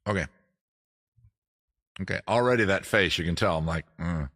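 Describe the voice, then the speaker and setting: A man's voice: low-pitched, moderate pace, a bit bright. Loose, swearing man hosting a comedy stream. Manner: loose, swearing, jumps between bits and asides. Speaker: comedy show host. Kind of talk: casual comedic rambling. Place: home studio. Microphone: streaming setup with cameras.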